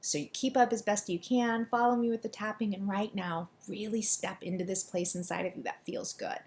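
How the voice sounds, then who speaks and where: A woman coaching listeners through an EFT tapping session, giving quick, soothing directions and leading affirmations for them to repeat. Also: medium pitch, fairly even intonation, darkish tone. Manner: deliberately quick delivery.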